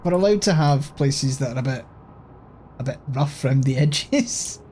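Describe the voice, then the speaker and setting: A man's voice: mid-range voice, animated, measured pace, darkish tone, slight background noise. A man with a Scottish accent giving casual let's-play commentary, thinking aloud and swearing offhandedly as he plays. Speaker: gaming channel host.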